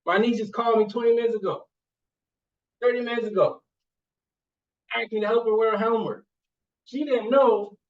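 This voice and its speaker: High-voiced man rambling from afar. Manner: rambling, repeats "you see what I'm saying"; street slang, emphatic at times. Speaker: vlogger and college student. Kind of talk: casual storytelling monologue. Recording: distant, muffled lo-fi sound.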